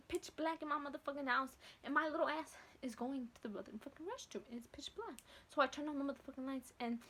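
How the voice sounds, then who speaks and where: Young woman, high voice, casual vlog storytelling, slangy, cursing constantly, animated. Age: late teens to early 20s. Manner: profane, slangy, animated retelling. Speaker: vlogger.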